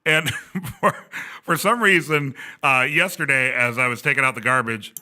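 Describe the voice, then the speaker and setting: A man's voice: medium pitch, moderate pace, bright, forceful tone. A man in his thirties, a podcast host telling a rambling story and laughing often, speaking from a glass conference room. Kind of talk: casual chat.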